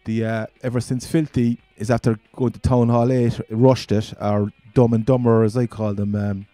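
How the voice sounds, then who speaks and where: A man's voice: mid-range voice, little pitch movement, moderate pace, dark tone, dry recording, soft background music. A man with a Cork accent, chatting casually and rambling through his first gaming commentary as a channel host. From Ireland.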